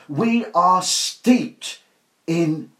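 Older man, preacher, informal sermon, emphatic, somewhat high voice, echoey room. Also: lively intonation, drawn-out words, a bit bright. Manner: earnest, emphatic, rhetorical questions. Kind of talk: informal sermon to a small group. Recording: roomy echo.

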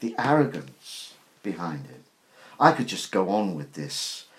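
An older man preaches an informal sermon to a small group in a deep, very animated voice at a measured pace. He's earnest and emphatic, posing rhetorical questions, and the recording has a roomy echo.

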